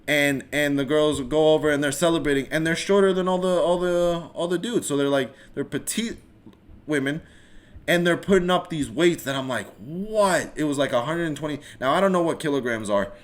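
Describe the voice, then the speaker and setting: A man's voice: a little high, brisk. A man hosting a solo live-streamed podcast, ranting casually with lots of swearing, restarts and rambling asides. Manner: rambling, animated, swears freely, many restarts. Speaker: podcast host.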